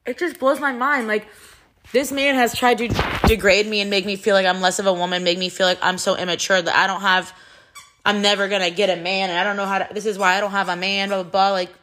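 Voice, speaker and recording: A woman's voice: mid-range voice, steady tone, fast, a bit bright. A young woman venting in a personal vlog, heated and frustrated, swearing often and rambling with restarts. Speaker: vlogger.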